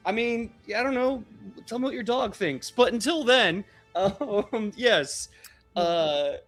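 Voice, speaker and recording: Game master, animated and playful, with a wide-moving voice and faint music underneath. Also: mid-range voice, takes it slowly. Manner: animated, playful, with fillers and self-corrections. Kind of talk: narrating a tabletop game.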